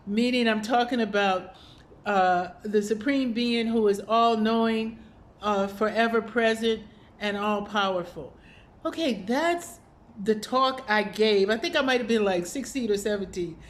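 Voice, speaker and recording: A woman hosting a spiritual video series, telling a personal story in a casual, reflective way with many fillers and small laughs. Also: mid-range voice.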